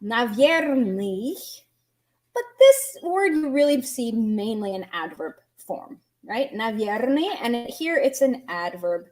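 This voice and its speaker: Woman, language teacher, fairly high voice, patient and chatty, quizzes viewers as she explains. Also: very animated, a little mellow. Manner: patient, explains slowly, asks students questions. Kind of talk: online language lesson.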